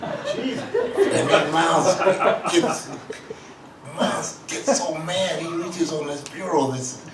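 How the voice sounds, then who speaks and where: A man appearing as an author and guest at a public talk in an event hall tells a story at a leisurely pace, animatedly acting out the quotes. His voice is a little high, and the roomy hall audio, recorded from a distance, carries background noise.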